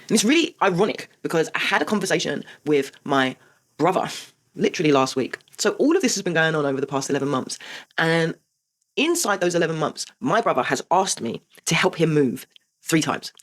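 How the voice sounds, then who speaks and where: A woman's voice: deep voice, expressive, brisk. A woman in her forties, hosting a heartfelt confessional monologue, emphatic and blunt with the odd swear. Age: 40s. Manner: emphatic and heartfelt, swears, asks rhetorical "right?". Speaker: host.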